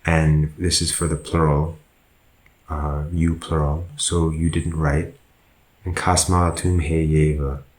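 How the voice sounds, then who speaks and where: Very deep, slow-speaking man teaching. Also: little pitch movement, roomy sound. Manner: slow, patient, corrects himself often. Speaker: Buddhist monk teaching Pali. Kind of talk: language lesson.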